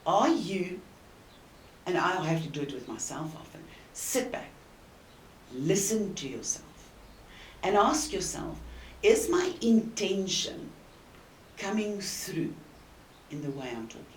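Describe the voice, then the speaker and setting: A woman with a South African accent giving an earnest, emphatic coaching talk to the camera, with deliberate pauses. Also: fairly low pitch, sing-song. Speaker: communication coach. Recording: roomy and distant with faint hiss.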